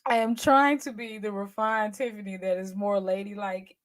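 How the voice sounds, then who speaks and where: Woman in her 40s running a livestream, slangy and teasing, middle-pitched, just chatting with the viewers. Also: steady tone, normal speed. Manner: chatty, slangy, teasing, talks straight to the chat. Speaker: livestream host. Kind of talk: casual livestream chat.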